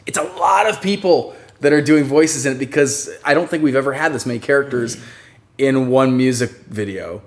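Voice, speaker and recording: Man, live stream co-host, relaxed and rambling, mid-pitched voice. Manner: relaxed, rambling with many fillers. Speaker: channel co-host. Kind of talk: casual live-stream chat.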